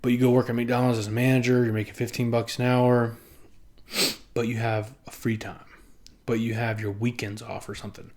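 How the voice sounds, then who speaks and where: A young man talks to camera in a loose, rambling vlog. His pitch sits at an ordinary middle level for a man. He swears freely, mocks himself and laughs often as he goes. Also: little pitch movement, a little mellow, a little hiss or hum. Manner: rambling, profane and self-mocking, often laughing; acts out other people in quick put-on voices. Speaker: vlogger. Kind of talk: casual monologue to camera.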